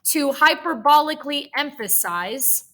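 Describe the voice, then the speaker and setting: A woman teaching writing at a computer, thinking aloud at an unhurried pace. Her voice is bright and a little high, and she keeps correcting herself with chatty, nerdy asides. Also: lively intonation. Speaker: writing tutor.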